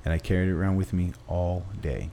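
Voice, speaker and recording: A man with a very low, warm voice tells an animated story as a trainer and gym owner. He stops and restarts often and acts out quoted lines. Faint noise sits under the recording. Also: fairly quick. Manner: animated anecdote-telling with acted quotes and restarts. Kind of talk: conversational storytelling.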